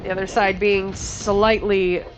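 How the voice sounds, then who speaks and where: A woman co-commentating a gaming match in a playful mock reporter voice, chatty and quick to exclaim. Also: mid-range voice, flat delivery, faint music behind.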